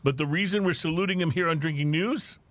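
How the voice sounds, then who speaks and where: A man's voice: on the high side, quick pace, dry recording. A man hosting a playful drinking-news segment on a podcast, reading stories with theatrical, punny delivery.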